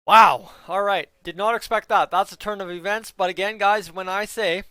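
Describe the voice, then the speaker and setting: A man reacting live to a hockey game, giving excited play-by-play, shouting at big moments and talking to his viewers by name. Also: high-pitched, normal speed, clear, resonant tone, no echo.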